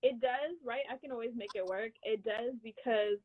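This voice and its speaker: Husky young woman on a tinny line. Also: on the high side, moderate pace. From United States. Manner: animated storyteller, laughs often. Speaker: co-host. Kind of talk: casual chat.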